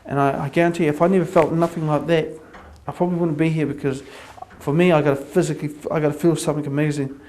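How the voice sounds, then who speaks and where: A man with a New Zealand accent giving an earnest personal testimony, repeating phrases as he builds up excitement. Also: fairly high pitch, quick pace, few pauses, slight background noise. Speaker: convert sharing his testimony.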